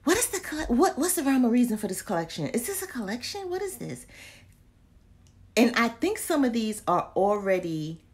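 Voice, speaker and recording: A woman's voice: fairly high pitch, very animated, normal speed. Chatty, exasperated woman vlogger. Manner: chatty and exasperated, slangy, drops into whispers. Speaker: candle vlogger. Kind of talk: casual live chat to viewers.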